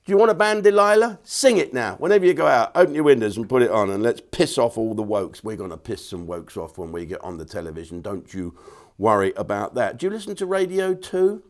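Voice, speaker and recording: Blunt comedian ranting crudely. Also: male voice, mid-range voice, sing-song, a little fast. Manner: blunt, crude and jokey, with asides and restarts. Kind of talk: comedic rant to camera.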